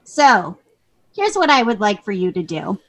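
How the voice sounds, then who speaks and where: A woman's voice: medium pitch, sing-song, unhurried. A woman playing a tabletop role-playing game from home, speaking in character in a blunt, pushy way. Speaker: player.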